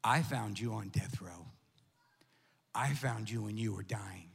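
A preacher voicing the Lord as a tender, solemn male divine figure, speaking low and hushed in a sermon story. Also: measured pace, gravelly, husky, exaggerated voice.

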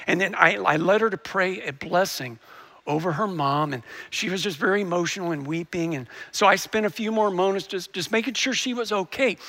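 Pastor guy preaching, high bright voice, earnest storytelling with lots of restarts. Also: a little fast. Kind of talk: sermon.

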